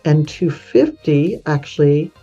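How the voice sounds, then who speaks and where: A low-voiced woman talks through a map on her channel in a chatty, folksy way, often correcting herself mid-sentence. Her tone is mellow and relaxed. The audio is a bit dull, with faint music underneath. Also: slow pace, slightly rough. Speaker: real estate channel host. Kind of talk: casual screen-share map tour.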